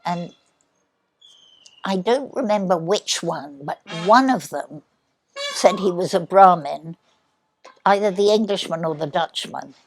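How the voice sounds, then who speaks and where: An older woman telling childhood stories in an interview, speaking softly and sometimes dropping to a near whisper. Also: on the low side, lively intonation, a little hiss or hum. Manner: soft, unhurried, drops to a near whisper. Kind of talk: reminiscing storytelling.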